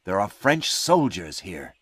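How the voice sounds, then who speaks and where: A man doing a calm frontier scout. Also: low voice, a little slow, slightly rough, dry recording, full character voice. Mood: calm commanding. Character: steady adult male frontier scout.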